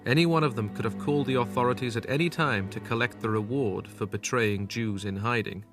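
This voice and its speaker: A man reading documentary narration from a script in a measured, even way. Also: mid-range voice, soft background music.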